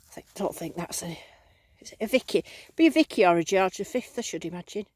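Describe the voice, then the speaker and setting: A woman vlogging outdoors in a field, giving bubbly, excited running commentary as she digs and talking to her finds. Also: medium pitch, quick pace. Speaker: metal detecting vlogger.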